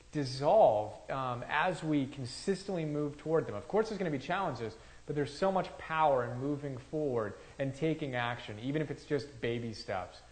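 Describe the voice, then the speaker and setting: A man's voice: on the high side, darkish tone, rough recording. A man giving an enthusiastic, conversational review of a motivational book, often checking in with "right?".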